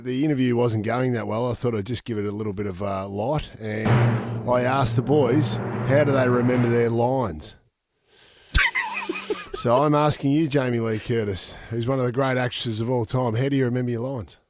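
A man's voice: medium pitch, steady tone, normal speed, a little mellow, a little hiss or hum. A male radio co-host asking a question in a teasing, mock-serious way. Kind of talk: radio interview.

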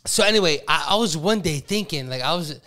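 Animated man telling a story. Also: a little high, a little fast. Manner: animated storytelling, swearing, puts on silly voices. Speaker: podcast co-host. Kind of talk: casual chat.

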